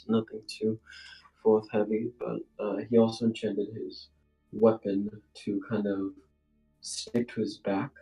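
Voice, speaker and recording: A man's voice: lowish voice, gravelly, warm tone, low-quality recording. A man player chatting offhandedly about his character at a tabletop game. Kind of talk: casual tabletop game chat.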